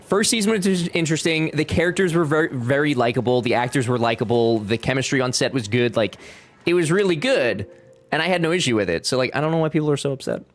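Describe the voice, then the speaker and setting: A man's voice: medium pitch, lively intonation, quick pace. Chatty young man streaming a game. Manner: chatty, joking, talks back to chat. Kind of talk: casual live-stream chat.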